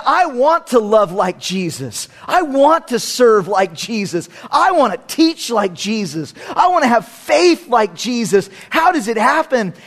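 A man's voice: high-pitched, fairly bright tone. A man preaching a sermon as a pastor, emphatic and fond of repeating phrases for effect.

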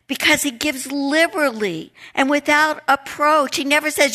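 A middle-aged woman teaching a Bible study lesson, reading scripture and praying, emphatic and animated, repeating key words. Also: high-pitched, moderate pace, hardly any pauses.

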